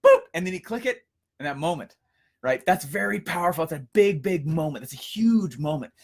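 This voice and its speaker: A young man giving a casual coaching lesson, energetic and storytelling, with frequent fillers and restarts. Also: on the high side, fairly quick. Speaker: course instructor.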